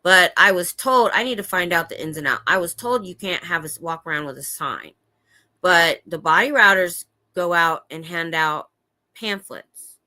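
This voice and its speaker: A woman's voice: fairly low pitch, normal speed, bright, forceful tone. A middle-aged woman hosting a rambling, casual livestream from home. She chats, often trails off and restarts, and answers viewers' comments as she goes. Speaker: livestream host. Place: at home indoors.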